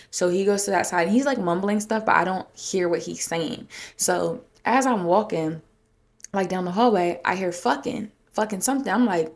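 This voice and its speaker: Gravelly-voiced woman telling a story. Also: lowish voice, normal speed. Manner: animated retelling, acting out quotes in a raised voice. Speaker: podcast host. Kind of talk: casual storytelling monologue.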